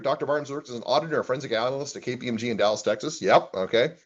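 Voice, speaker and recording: A man's voice: medium pitch, a little mellow, muffled recording. A man, an accounting professor, giving a casual classroom lecture and reading chatbot replies aloud with his own comments.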